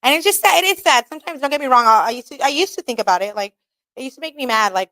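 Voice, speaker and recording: Speaking quickly in a slightly high, a bit bright voice, a female radio talk show host keeps things casual and frank. She swears freely, laughs often, and acts out her own lines in skits. There's no room sound in the recording.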